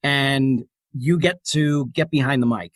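A man's voice: mid-range voice, a little slow, dry recording. A man hosting an interview, asking guiding questions and encouraging his guest. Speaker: podcast host.

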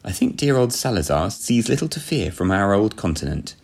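A man voicing a breezy, coolly unbothered young gentleman spy with an airy, genteel, offhand manner. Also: on the low side, big pitch swings, a little fast, vocal fry, breathy edge, heavily acted.

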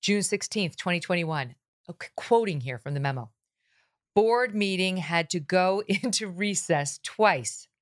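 A woman's voice: lowish voice, lively intonation, unhurried. A woman hosting a political talk show, talking with sarcasm and mocking asides. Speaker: host.

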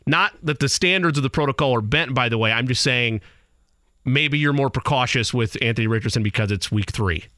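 A man co-hosts a sports radio show, trading casual banter in a measured, explanatory way. His voice is bright and crisp, with a dry, close studio sound. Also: medium pitch, dry recording. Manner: measured, explanatory, short answers. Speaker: sports radio co-host and soccer broadcaster.

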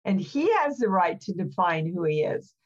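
An older woman guest in a casual chat, talking slowly and emphatically. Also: fairly low pitch, big pitch swings. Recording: dull lo-fi remote audio.

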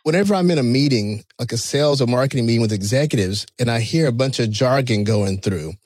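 A man hosting a marketing podcast, chatty and quick to laugh. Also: medium pitch, lively intonation, a little mellow, dry recording. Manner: chatty, laughs at his own jokes. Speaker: podcast host. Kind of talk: casual podcast interview.

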